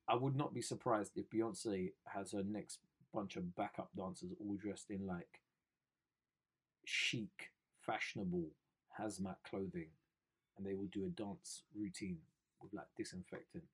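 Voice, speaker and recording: A man's voice: low voice, steady tone, unhurried, slightly rough. A young man, riffing sarcastically on news stories as host of a comedy show. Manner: joking, sarcastic, slangy.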